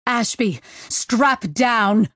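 A woman's voice: mid-range voice, measured pace, no room sound, clean studio sound, lightly acted. A woman narrator voicing a tough, terse alien female pilot in an audiobook. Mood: urgent.

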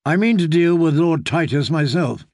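A weary lord commander with a dry wit, voiced by a man in his own gravelly tone. He speaks mildly and evenly, a seasoned knight in a told story. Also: fairly high pitch, normal speed, darkish tone, no room sound, lightly acted. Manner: dry, mild. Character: weary, dry-witted one-handed male lord commander.

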